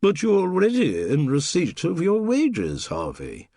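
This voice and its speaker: Pompous elderly duchess, clipped and haughty, higher voice swinging widely, as a male narrator puts her on. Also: huge pitch swings, measured pace, mellow, dry recording, clean studio sound, exaggerated voice. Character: imperious elderly aristocratic dowager duchess, woman.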